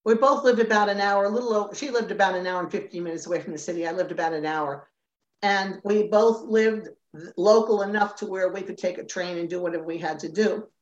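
Speaking fast in a mid-range voice, an older former dancer recounts her past as a Rockette during an interview. She laughs a lot and animatedly performs the voices of the people she quotes. The remote audio has a roomy, slightly muffled quality.

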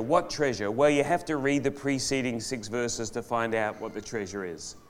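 A man preaches a live church sermon at a middle pitch. He lingers over key words, drawing them out for emphasis. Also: moderate pace, hardly any pauses, a little hiss or hum. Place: church hall.

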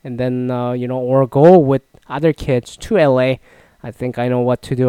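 Dude rambling about his trip, cussing a lot, bursts of fake outrage, smooth voice, dead dry room. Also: medium pitch, fairly even intonation, moderate pace, dry recording. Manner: rambling, swears a lot, loud mock outbursts. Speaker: vlogger recapping a solo trip. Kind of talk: casual profane storytelling.

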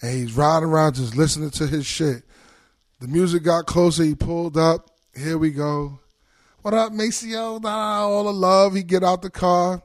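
A man's voice: fairly high pitch, normal speed. A middle-aged man from Brooklyn with a New York accent, telling a long profane story in casual chat and acting out his friends' lines. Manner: animated, profane, acts out quoted friends. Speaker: podcast guest.

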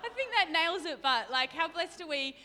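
A woman's voice: very high voice, expressive, normal speed, background noise. A woman preaching a sermon in a church, chatty and self-deprecating, laughing often. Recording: reverberant church hall.

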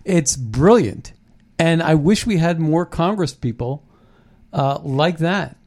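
A man hosting a political commentary show, excited and rambling, with frequent restarts. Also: fairly high pitch, slow pace. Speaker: show host.

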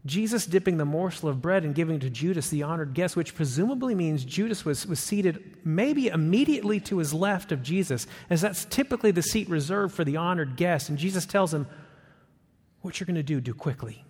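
A man preaching a sermon as pastor, emphatic, rising on his questions and dropping low and soft for quotes. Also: lively intonation, fairly quick, few pauses, husky, big-room sound.

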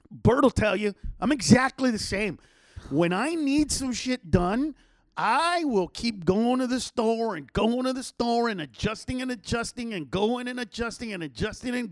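A man's voice: high-pitched, no echo, clean studio sound. A middle-aged man, a comedian hosting a podcast, telling rambling, profane stories in casual chat with lots of restarts.

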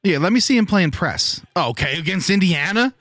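A man co-hosting a casual draft-night chat, excitable and profane, quick to rant about picks. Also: sits high, a loud crowd. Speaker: podcast co-host.

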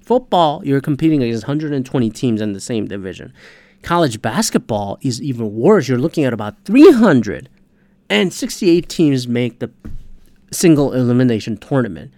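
A man's voice: medium pitch, very animated, moderate pace, warm tone, no echo. A man hosting a podcast, ranting in a casual, heated, profanity-laced monologue. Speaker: podcast host.

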